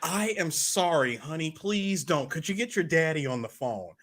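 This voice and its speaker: A man's voice: fairly high pitch, lively intonation, fairly bright tone. A man doing an impression of an overeager male campaign volunteer who rambles and chuckles through a cold call. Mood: eager rambling. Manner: fast, fawning, rambling, chuckling between lines. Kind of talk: film quote impression.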